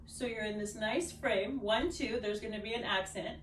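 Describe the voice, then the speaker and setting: A woman's voice: a little high, normal speed, few pauses, slight background noise. A woman teaching a belly dance routine, counting beats aloud and humming the rhythms with syllables. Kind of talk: dance tutorial instruction. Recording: echoey room, voice picked up from a distance.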